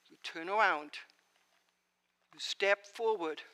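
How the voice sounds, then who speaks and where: A woman's voice: medium pitch, slow, sharp tone, clear, resonant tone. A woman pastor giving a sermon, preaching expressively and asking rhetorical questions. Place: church sanctuary. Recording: long church reverb.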